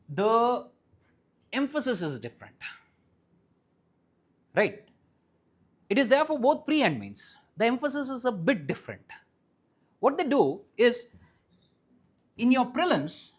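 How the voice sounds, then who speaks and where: A teacher with an Indian English accent giving a live classroom lecture, often asking the class questions and checking that they follow, and repeating key points slowly and firmly. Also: medium pitch. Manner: keeps quizzing the class and checking understanding. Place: classroom with students present.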